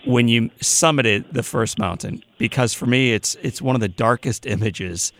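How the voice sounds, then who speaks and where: A man's voice: medium pitch, moderate pace, a bit bright. Earnest Midwestern man hosting a podcast. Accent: Midwestern American. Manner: earnest, with frequent restarts. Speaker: podcast host. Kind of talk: interview.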